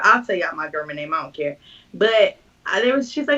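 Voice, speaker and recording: A woman's voice: mid-range voice, a little fast, bright, forceful tone. A young woman, a podcast guest, telling a story animatedly and acting out the voices of others. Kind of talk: casual chat. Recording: distant, dull mic.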